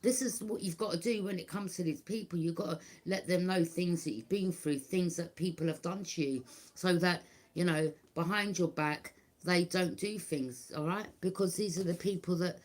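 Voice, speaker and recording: A woman's voice: fairly low pitch, moderate pace, darkish tone. A middle-aged woman, talking bluntly and repetitively to her viewers as a tarot reader. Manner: blunt, repetitive, keeps asking "do you understand". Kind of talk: casual monologue to viewers.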